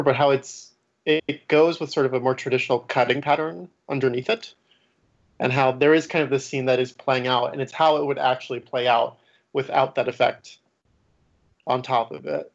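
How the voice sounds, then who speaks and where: Man, gravelly, hesitant and thoughtful, casual discussion, muffled recording. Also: fairly high pitch, a little fast. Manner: thoughtful, hesitant, chuckles between points. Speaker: podcast panelist.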